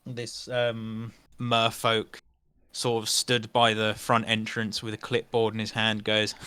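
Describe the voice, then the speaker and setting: A man narrating as game master of a tabletop game, unhurried and often searching for words. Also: fairly low pitch, completely flat delivery, sharp tone, clean tone, no echo.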